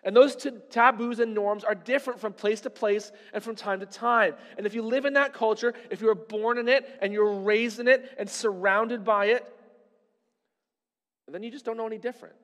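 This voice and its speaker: A high-pitched male voice preaches a sermon in a long, ringing reverb. He talks to the congregation in a conversational way and keeps asking them rhetorical questions. The room sounds like a large church sanctuary. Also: steady tone, normal speed, fairly bright tone. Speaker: pastor.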